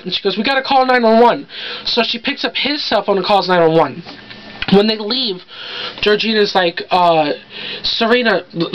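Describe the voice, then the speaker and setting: A young woman rattles through a TV recap in a loose, rambling way, jumping in and out of the characters' quotes. Her voice sits in a middle pitch for a woman. The recording is dull and lo-fi, with a faint hiss underneath. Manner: chatty, rambling, acts out quotes. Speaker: TV recap vlogger. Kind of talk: casual episode recap.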